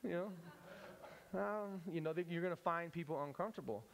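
A man teaching at a church service, animated and playful, often breaking off and restarting as he acts out examples. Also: fairly high pitch, fast, gravelly. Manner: animated, self-interrupting, playful. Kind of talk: church teaching with acted-out scenes.

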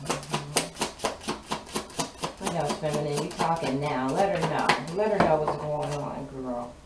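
A woman's voice: low-pitched, takes it slowly. A woman giving a casual tarot reading, sassy and playful as she talks straight to her viewers. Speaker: tarot card reader. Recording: roomy echo, distant mic, audible noise.

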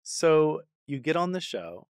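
A man's voice: fairly high pitch, very animated, unhurried, clear, resonant tone, no echo. A man hosting a studio podcast, giving short, enthusiastic questions and prompts. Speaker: podcast host. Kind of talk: interview questions.

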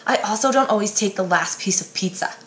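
A woman reading as a gruff teenage boy. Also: fairly quick, slight background noise, lightly acted. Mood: annoyed. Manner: low, hushed, annoyed. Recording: echoey room.

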